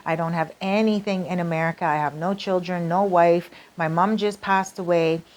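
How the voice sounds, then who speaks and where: A woman's voice: lowish voice, fairly even intonation, normal speed, a little mellow, close to an everyday voice. A woman quoting her story's boyfriend, earnest and reassuring, in her own voice. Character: earnest man, devoted boyfriend.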